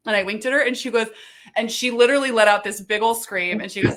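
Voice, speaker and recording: Woman, bright tense tone, animated casual storytelling, video call mic. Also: fairly high pitch, fast talker. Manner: animated, laughing, acts out quoted voices.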